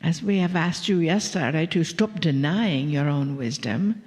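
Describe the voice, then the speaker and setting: A woman channeling a spiritual message to a live audience, slow and breathy, slipping into whispers. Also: low-pitched, big-room sound, highs cut off. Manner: slow and breathy, drifting into whispers with soft laughs.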